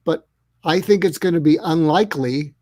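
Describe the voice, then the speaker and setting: A man's voice: a little high, moderate pace, warm tone, no echo. A man speaking as an interview guest who explains ideas step by step in an earnest way, often acting out little dialogues. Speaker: guest expert on listening. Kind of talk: interview conversation.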